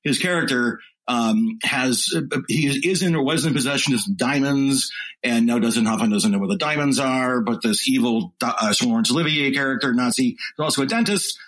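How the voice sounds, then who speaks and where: A man's voice: mid-range voice, fairly quick, rough recording. A man hosting a podcast interview, chatting casually and addressing listeners like a showman over a remote call. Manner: showman-like, repeatedly says "ladies and gentlemen". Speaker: podcast host.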